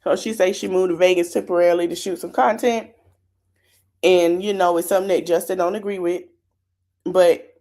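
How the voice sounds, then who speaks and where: A woman's voice: on the low side, mellow. A woman hosting a podcast, giving a casual, chatty recap of a reality show and talking straight to her listeners. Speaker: podcast host.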